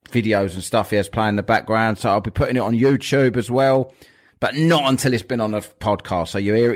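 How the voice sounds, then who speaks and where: A man's voice: fairly low pitch, darkish tone. A man hosting a podcast in a casual, jokey chat, rambling with plenty of fillers. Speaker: podcast host.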